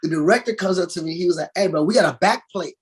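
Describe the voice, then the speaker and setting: A man, an actor guest in a casual interview, telling lively stories, acting out quotes and laughing often. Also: high voice, fast, a little hiss or hum. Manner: animated storyteller, acts out quotes, laughs often.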